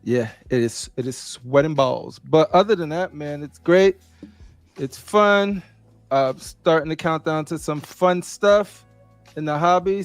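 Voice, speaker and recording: A man chatting as a guest on a video-call show, animated and full of slang. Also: sits high, no echo. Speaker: panel guest. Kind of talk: casual chat.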